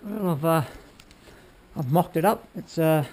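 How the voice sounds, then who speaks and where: A man casually guides viewers through a motorbike build in his workshop, rambling a bit and asking "all right?" as he goes. He talks at a measured pace, with a slightly high, darkish voice, in a relaxed how-to style.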